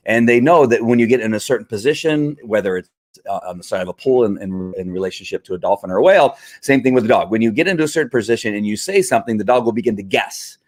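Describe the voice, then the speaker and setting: A man's voice: medium pitch, darkish tone. A man hosting a live stream, explaining dog training in a conversational, repetitive teaching manner with fillers. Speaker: livestream host and dog trainer.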